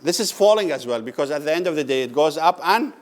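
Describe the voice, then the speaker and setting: Man lecturing, slow questioning delivery. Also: a little high, expressive. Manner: asks the class questions and answers them, repeats key words slowly. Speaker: physics lecturer. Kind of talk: classroom lecture. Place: lecture room.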